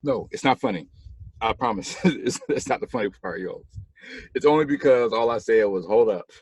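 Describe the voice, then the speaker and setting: A man co-hosting a podcast in casual chat, relaxed and quick to laugh. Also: mid-range voice, husky, dry recording. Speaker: podcast co-host.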